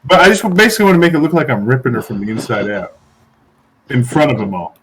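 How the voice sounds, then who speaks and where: A man playing a tabletop game, excitable and swearing a lot. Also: medium pitch, quick pace, slightly rough. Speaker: player.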